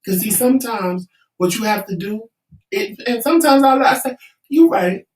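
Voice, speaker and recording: A man's voice: sits high, moderate pace. A man co-hosting a casual chat show, talking bluntly and with lots of profanity. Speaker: co-host. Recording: roomy, distant from the mic.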